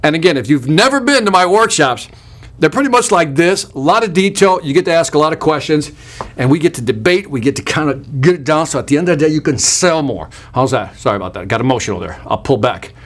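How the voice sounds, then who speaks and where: Energetic man, slightly high voice. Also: fast talker. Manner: energetic and emphatic, with punchy repetition. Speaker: sales trainer hosting a live online workshop. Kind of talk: live webinar talk, reading out viewer comments.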